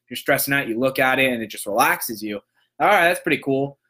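A man's voice: medium pitch, fast. A young man hosting a show, casually telling a long story and acting out the people in it. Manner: animated, acts out voices in quotes. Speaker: podcast host, motivational speaker.

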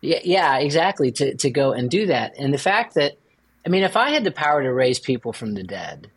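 A man's voice: big pitch swings, fairly quick, slightly rough. A man co-hosting a faith podcast as a priest, chatting casually and joking with playful asides. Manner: playful, jokes with sudden high-pitched asides.

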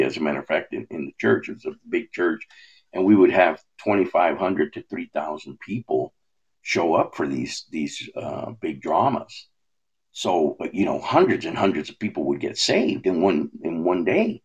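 A man's voice: low voice, animated, moderate pace, gravelly, breathy edge. A man sharing a personal testimony in a rambling storytelling way, with many fillers and restarts.

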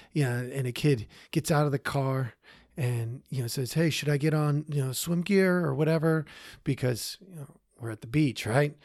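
A man tells a long story on a podcast, stopping often for fillers and restarts. His voice sits at a middle pitch and is recorded close and dry, with no room sound. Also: a little mellow, no echo. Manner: rambling, many fillers and restarts. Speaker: podcast co-host. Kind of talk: casual storytelling.

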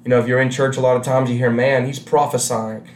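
A man's voice: mid-range voice, completely flat delivery, rapid-fire, darkish tone, echoey room, slight background noise. A man preaching a sermon to a camera with no congregation, talking in a conversational way and repeating key phrases for emphasis. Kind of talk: recorded sermon without congregation.

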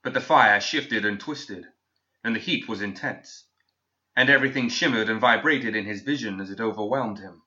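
A man narrates a fantasy story in a measured, steady reading voice. His tone is low yet bright and forward. The recording sounds dull and lo-fi.

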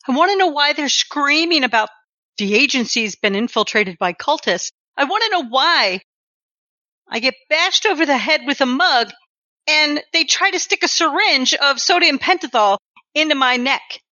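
A woman's voice: mid-range voice, sharp tone, dry recording, dull audio. A woman voicing a furious, barking federal agent boss. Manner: barking, threatening.

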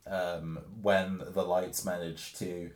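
A man runs a tabletop game, describing the scene in a rambling, relaxed way with plenty of fillers. His voice sits a little low. It sounds like a roomy space with noticeable echo. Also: slow pace. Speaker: game master.

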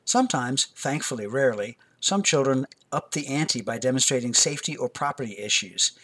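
A man hosting a show on parenting, giving scripted advice in a calm, instructive, measured way. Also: medium pitch. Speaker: host.

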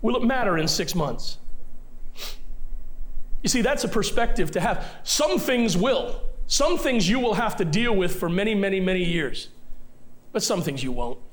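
A man's voice: sits high, very animated, moderate pace. A male pastor preaching a sermon, talking straight to his listeners with emphatic repetition and rhetorical questions. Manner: direct address to the congregation.

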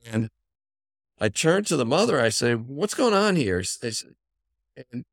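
A middle-aged physician guest telling an animated story in a conversational interview, acting out the people he quotes. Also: mid-range voice, no room sound, studio quality. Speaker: physician and company founder, podcast guest.

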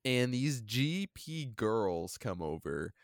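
Young guy telling a story on a podcast, rambly and animated, dry close mic. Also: mid-range voice, takes it slowly, gravelly, no echo. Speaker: podcast co-host. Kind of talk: casual chat.

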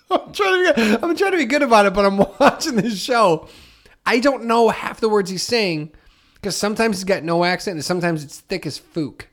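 A man co-hosting a podcast in loose, casual conversation. His pitch swings widely as he gets worked up, and he keeps slipping into mock quotes of what other people say. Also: moderate pace. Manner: excitable, jumps in pitch when animated, mock-quotes people. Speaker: podcast co-host. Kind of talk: casual chat.

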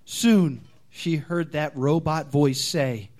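A man reads his own comic fan fiction to a live comedy crowd, playing up the drama. His voice runs high and swings widely, rising and dropping for effect. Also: big pitch swings, measured pace, a little mellow.

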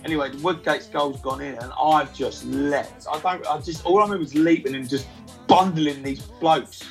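A man's voice: on the high side, moderate pace, creaky, faint music behind, poor audio. A man, telling a football fan story casually and acting out his friends' lines. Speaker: celebrity football fan guest. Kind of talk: casual anecdote.

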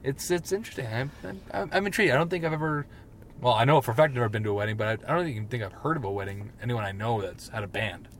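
A man's voice: mid-range voice, lively intonation, racing, slight background noise. A man co-hosting a casual podcast, joking and trash-talking in loose banter. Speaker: podcast co-host. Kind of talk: casual chat.

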